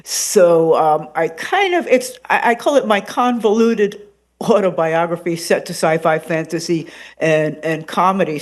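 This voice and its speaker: A woman who hosts a radio show talks as a guest in a casual interview. She is lively and rambling, full of ums, uhs and restarts. Her voice sits in a middle pitch for a woman. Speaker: radio host and podcaster, guest.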